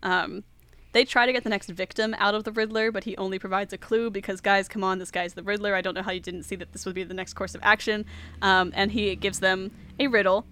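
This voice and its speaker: A woman's voice: medium pitch, fast. A young woman hosting a podcast, casually recapping a film and laughing often. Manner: lively retelling, laughs often. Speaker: podcast host. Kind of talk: casual movie recap chat.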